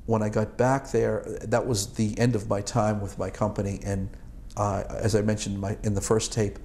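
A man's voice: lowish voice, flat delivery, normal speed, a little mellow, slight background noise. A man in his sixties from Boston, an Army veteran recalling his service in an oral history interview, rambling and chuckling with many fillers and restarts. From Boston, United States.

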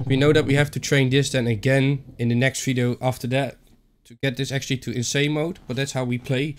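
A man's voice: mid-range voice, flat delivery, fairly quick, few pauses, faint music behind. Playful Dutch-accented man muttering gameplay. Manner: playful, muttering to himself, self-mocking. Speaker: gaming YouTuber. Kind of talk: horror game playthrough commentary.

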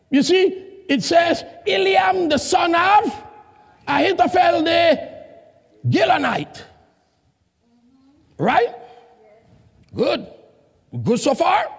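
In a big church hall, a man leads a sermon as pastor, calling questions out to his flock in a shouted call-and-response manner and using non-native grammar. He has a very high voice with vocal fry, while the room's long reverb lingers and the congregation sounds faint.

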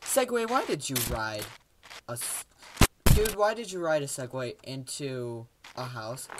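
A woman's voice: a bass voice, animated, a little slow, heavy background noise. A woman giving casual, rambling let's-play commentary, joking at her own expense as she plays. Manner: rambling, self-mocking and jokey. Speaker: gaming video host.

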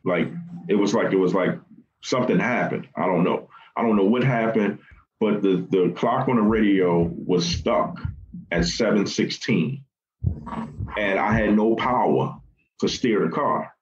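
A very low-voiced man with a Baltimore accent tells his story in a halting, conversational way, full of fillers and restarts. He often slips into quoting the people he spoke with. The podcast audio sounds a little dull. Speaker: guest recounting family loss. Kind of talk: personal storytelling in a podcast interview.

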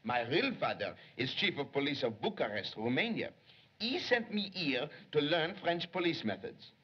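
An actor playing an eager, excitable young male police secretary who gets flustered and theatrical, in 1930s film acting. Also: a little high, moderate pace, slightly rough. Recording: dull lo-fi 1930s film soundtrack.

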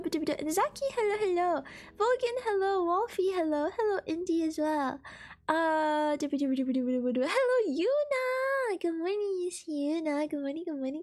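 High-pitched congested woman streamer. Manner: playful, giggly, teasing the chat. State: stuffy, congested nose. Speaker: live streamer. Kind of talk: casual live-stream chat. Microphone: desk microphone.

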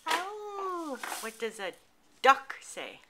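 A woman's voice: fairly high pitch, lively intonation, takes it slowly, noisy background. A mother at home coaxing her toddler in a sing-song, encouraging voice, recorded on a camcorder's built-in mic. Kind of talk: playful baby talk with a toddler.

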